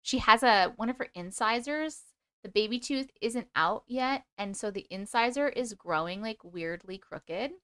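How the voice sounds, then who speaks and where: A woman in her thirties with a Long Island accent, hosting a casual live stream; she talks loudly and excitedly and laughs often. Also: a little high, unhurried, clean tone, no room sound, clean studio sound. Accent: Long Island New York. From Long Island, New York. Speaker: YouTube live host. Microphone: close microphone.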